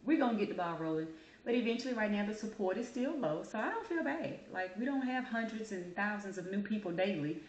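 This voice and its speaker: A woman's voice: mid-range voice, lively intonation, a little fast, a little mellow. A woman hosting her own vlog, giving her opinions in an emphatic, blunt and casual monologue. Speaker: vlogger host. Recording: echoey room with faint noise.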